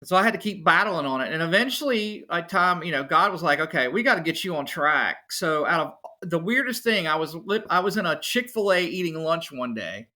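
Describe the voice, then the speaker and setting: A man, a musician and podcast guest, telling his story in a casual, animated way. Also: a little high, a little fast, few pauses. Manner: animated, acts out other people's voices.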